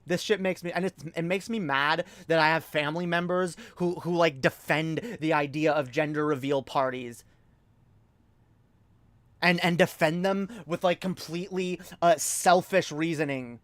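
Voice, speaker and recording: A woman's voice: low-pitched, steady tone, normal speed, dry recording. A woman hosting a livestream, ranting angrily with lots of swearing and repetition. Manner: angry, profane, repetitive. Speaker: livestream host.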